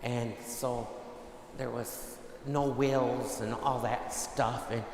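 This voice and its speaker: Male priest, sermon, slow delivery, storytelling, very echoey church hall with long reverb. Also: mid-range voice, level tone, darkish tone, slight background noise. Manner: storytelling, acts out quoted family dialogue. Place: large church.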